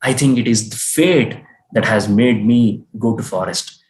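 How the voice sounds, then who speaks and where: A man speaking as a calm, accepting young prince, measured and resigned. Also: mid-range voice, echoey room, natural voice, low-quality recording.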